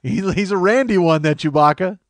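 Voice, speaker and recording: A man's voice: sits high, a little fast, no room sound. A man hosting a comedy podcast alone, rambling in a self-mocking way, losing his train of thought and sounding tired from lack of sleep. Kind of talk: rambling solo comedy monologue.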